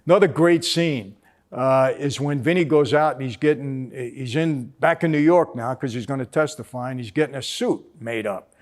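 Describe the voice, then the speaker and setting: A man's voice: mid-range voice, moderate pace. An older man from the East Coast of the US, hosting and reviewing a film in a casual, storytelling way, with many fillers, acting out quoted lines. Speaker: host reviewing a mob film.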